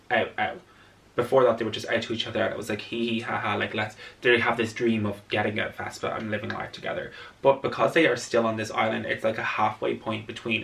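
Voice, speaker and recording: Gravelly low man rambling through a film analysis. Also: fairly bright tone, far from the mic. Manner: chatty, rambling, heavy use of filler words. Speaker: video essayist. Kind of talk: casual film analysis vlog. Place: indoors in front of a mirror, late at night.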